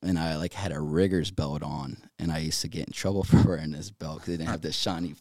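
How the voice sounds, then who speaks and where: A young man from North Carolina, a podcast guest, retelling events in a rapid, filler-heavy way with many restarts. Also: a bass voice, steady tone, darkish tone, no echo, studio quality. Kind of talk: casual storytelling in an interview.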